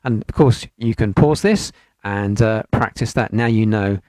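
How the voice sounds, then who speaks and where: A man's voice: lowish voice, a little slow, darkish tone, no echo. A man from the United Kingdom teaching an online piano lesson, explaining patiently step by step and chanting rhythm syllables over the piano. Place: home studio. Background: piano playing.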